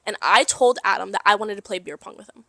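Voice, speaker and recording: A young woman co-hosting a casual podcast, telling a story in an animated way with lots of swearing and laughter. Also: mid-range voice, quick pace, no room sound. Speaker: podcast co-host. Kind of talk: casual chat.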